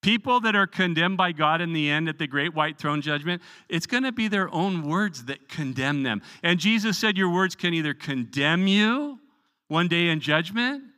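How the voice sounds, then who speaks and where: A man's voice: fairly high pitch, sharp tone, in a large hall. A man preaching an earnest Bible study sermon, emphatic and often repeating words as he goes. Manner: earnest, emphatic preaching with frequent word repetitions. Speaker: pastor. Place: church sanctuary.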